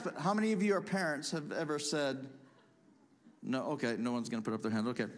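A man preaching a sermon as pastor, emphatic, swinging between loud punchy lines and quiet asides. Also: mid-range voice, fast talker. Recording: long hall reverb.

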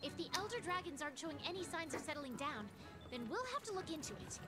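A bright, high-voiced young woman rallies her fellow hunter with eager resolve. She is a video game companion, and loud game music booms underneath her. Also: expressive, fast talker. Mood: determined.

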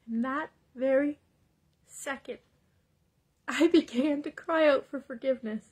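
A woman's voice: high voice, normal speed. A woman giving a devotional confession vlog, teary and fervent, repeating praise and urging viewers. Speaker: Christian vlogger.

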